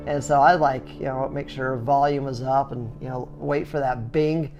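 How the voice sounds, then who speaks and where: A middle-aged man who owns a skateboard business, telling his story casually with lots of fillers and restarts, and animated sound effects. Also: medium pitch, normal speed, dull audio, faint music behind. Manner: chatty, full of "you know" fillers and restarts; animated, acts out sounds and reactions.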